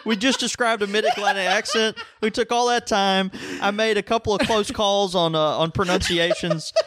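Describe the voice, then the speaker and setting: A man's voice: sits high, fairly even intonation, normal speed, noisy background. A man co-hosting a podcast, explaining things casually with self-deprecating humor. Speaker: podcast co-host. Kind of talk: casual chat.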